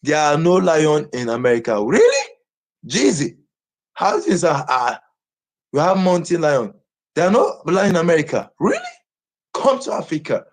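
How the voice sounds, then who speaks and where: A man shouting and ranting repetitively to his livestream viewers. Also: fairly high pitch, huge pitch swings, normal speed, pauses often.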